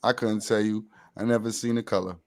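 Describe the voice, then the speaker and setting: A man co-hosting a casual podcast, joking loudly and laughing at his own lines. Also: fairly low pitch, steady tone, a little fast, no echo. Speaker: podcast co-host. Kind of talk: casual banter.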